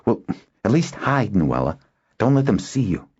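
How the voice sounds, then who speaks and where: A man's voice: fairly low pitch, very animated, a little mellow, husky, voice pushed up. A man voicing a hot-headed teenage boy. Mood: grudging. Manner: agitated, quick to anger. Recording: dull lo-fi recording.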